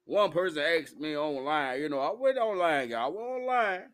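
A man's voice: on the high side, expressive, moderate pace, a bit bright. A drunk man ranting in a profane, rambling monologue, hiccuping as he talks. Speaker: vlogger.

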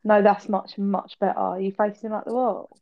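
A woman's voice: mid-range voice, level tone, moderate pace, muffled recording. A woman co-hosting a casual podcast from home, easygoing with short agreeing reactions. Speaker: podcast co-host. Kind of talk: casual chat recapping a TV show.

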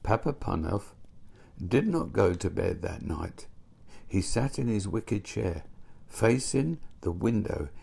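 Male storyteller, gentle storybook reading, gravelly and husky. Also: low voice. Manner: gentle, unhurried. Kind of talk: storybook narration.

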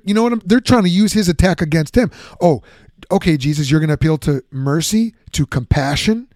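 A man giving a lively, conversational Bible teaching, often acting out the objections he answers. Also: on the high side, no echo, clean studio sound. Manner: animated, conversational, acts out objections.

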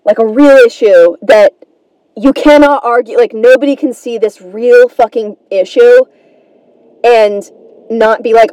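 On her comedy podcast, a woman tells a meandering, self-mocking story in a relaxed monologue, swearing without restraint. She speaks a little slowly in a fairly high, warm voice, and the recording is low quality but echo-free.

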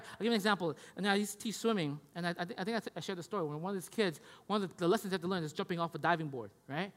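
A man's voice: sits high, a bit bright. A man preaching a conversational sermon, casual and repetitive, checking in with the listeners as he goes. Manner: casual, repeats "right?" and "you guys get me?". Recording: long hall reverb.

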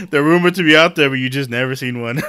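A man's voice: a little high, pushed and bright, clear, resonant tone, no echo, studio quality. A man co-hosting a podcast, reacting with teasing jokes in casual banter. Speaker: podcast co-host.

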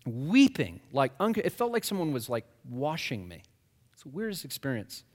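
A man giving an animated personal faith testimony, acting out his own past words as he tells the story. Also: medium pitch, normal speed. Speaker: guest speaker. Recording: long reverb of a large hall.

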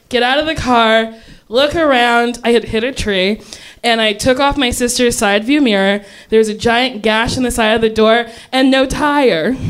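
A woman's voice: sits high, fairly bright tone, a little hiss or hum. Laughing woman telling a comic story. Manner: laughs often while talking. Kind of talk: comedic storytelling.

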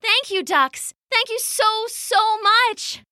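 A woman voicing an earnest, gentle young man in a storybook, exclaiming in a raised, eager voice. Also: sing-song, unhurried, dry recording, clean studio sound, exaggerated voice. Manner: eager, exclaiming, pitched up high. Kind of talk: storybook character voice.

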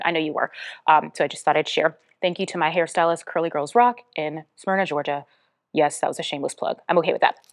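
A woman hosting a motivational podcast, speaking earnestly and encouragingly, with bursts of bubbly excitement. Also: on the low side. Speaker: podcast host and author. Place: Smyrna, Georgia area.

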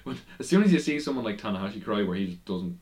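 A young man with a fairly low voice chats loosely about wrestling on a podcast. He rambles, stumbles over restarts and breaks into laughter now and then, keeping it casual and unpolished. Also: very animated, fast, darkish tone. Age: young adult. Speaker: podcast co-host.

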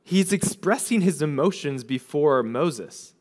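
A man's voice: fairly high pitch, animated, a little slow, darkish tone. A young adult male pastor preaching a sermon, retelling scripture in casual, chatty paraphrase and acting out the figures' words in his own voice.

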